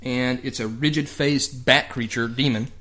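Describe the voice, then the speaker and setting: Dude on a movie podcast walking thru the plot, wry crude jokes, average pitch. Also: male voice, fairly even intonation, moderate pace, bright, forceful tone. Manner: narrates plot beats, wry and crude humor. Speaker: podcast co-host. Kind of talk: casual movie recap chat.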